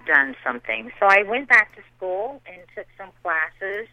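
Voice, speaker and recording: A middle-aged woman from the American South, a theater director answering interview questions and warmly praising her colleagues. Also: medium pitch, lively intonation, a little slow, no echo. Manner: warm, enthusiastic praise of colleagues. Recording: tinny phone-line sound.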